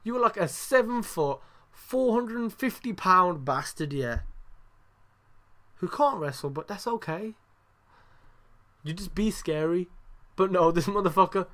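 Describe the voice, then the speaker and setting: A man's voice: high voice, expressive, unhurried, pauses often, pushed and bright, a little hiss or hum. A young man hosting a casual review podcast, ranting and swearing freely with lots of fillers. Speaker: podcast host.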